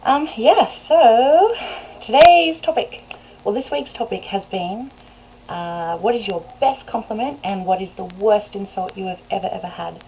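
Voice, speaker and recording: A woman's voice: mid-range voice, lively intonation, measured pace, darkish tone. A woman, chatting casually to a webcam in a rambling way that is full of laughs. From Australia. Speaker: vlogger. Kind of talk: casual chat to camera. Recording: dull lo-fi webcam recording with faint hiss.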